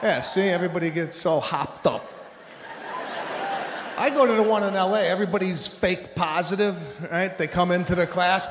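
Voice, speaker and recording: Animated, exasperated stand-up comedian. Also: male voice, sits high, normal speed. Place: comedy stage before a live audience. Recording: echoey hall with live crowd and noise. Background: audience laughter.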